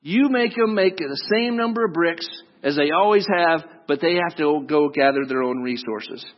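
A man's voice: on the high side, moderate pace, natural voice. A man voicing an arrogant, defiant king who scoffs and boasts. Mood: commanding. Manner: scornful, dismissive, boastful. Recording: dull lo-fi recording.

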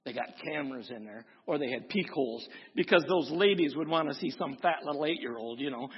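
Husky and on the high side, this man's voice moves fairly quickly as he preaches. He's a pastor from Wisconsin whose sermon mixes folksy, humorous storytelling with forceful preaching that builds in intensity. A dull lo-fi recording carries long hall reverb.

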